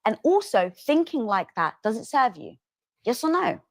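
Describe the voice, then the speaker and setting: Animated high-voiced woman host. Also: normal speed, no room sound, clean studio sound. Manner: animated storyteller, emphatic, swears. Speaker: podcast host. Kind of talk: interview conversation.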